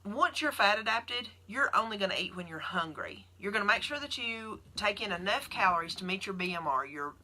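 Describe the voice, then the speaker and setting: Bright-voiced Southern woman chatting. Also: medium pitch, lively intonation, a little fast, hardly any pauses. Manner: chatty, rambling, answers viewer comments. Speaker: keto nurse vlogger. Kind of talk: casual livestream Q&A.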